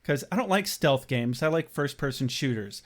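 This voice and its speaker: A man's voice: medium pitch, lively intonation, moderate pace. A man co-hosting a podcast in loose, profane casual chat, laughing often. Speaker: podcast co-host.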